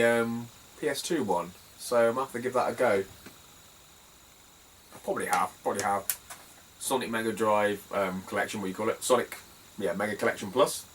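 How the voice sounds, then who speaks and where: A man's voice: medium pitch, a bit bright, distant mic, slight background noise, poor audio. A British man chatting casually in a vlog about his retro game finds, rambling, swearing freely and laughing as he tells stories. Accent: British English. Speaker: retro game collector vlogger.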